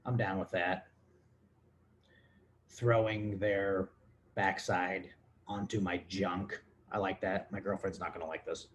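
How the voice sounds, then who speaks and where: A man's voice: deep voice, steady tone, slow pace, pauses often, slight background noise. A man hosting his own podcast, drunk and rambling crudely through listener questions. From Texas. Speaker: podcast host. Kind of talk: casual comedic monologue answering listener questions.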